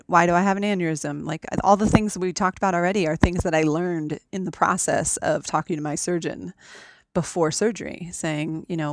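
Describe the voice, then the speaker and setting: A woman talking in a relaxed conversation over a remote call, explaining things step by step with frequent ums. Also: lowish voice, moderate pace, no room sound. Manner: methodical, explanatory, with many ums. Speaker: podcast guest. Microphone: remote call recording.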